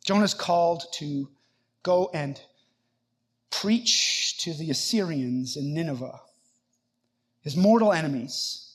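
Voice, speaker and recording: Man, pastor, sermon, high voice, earnest, conversational. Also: lively intonation, takes it slowly, pauses often, slightly rough. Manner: earnest, conversational preaching with dramatic readings.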